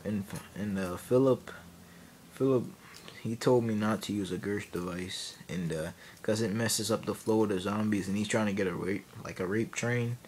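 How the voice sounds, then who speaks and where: A man's voice: lowish voice, moderate pace, darkish tone, a little hiss or hum. A man telling a comic story, rambling and laughing, often cutting himself off mid-sentence. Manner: rambling, laughing, self-interrupting. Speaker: vlogger. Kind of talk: comedic storytelling.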